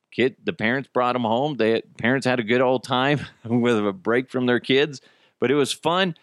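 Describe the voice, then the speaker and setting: A man's voice: medium pitch, no echo, clean studio sound. A man in his thirties hosting a podcast, chatting casually, swearing freely and acting out the quotes in his stories. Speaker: podcast host. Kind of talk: casual storytelling chat.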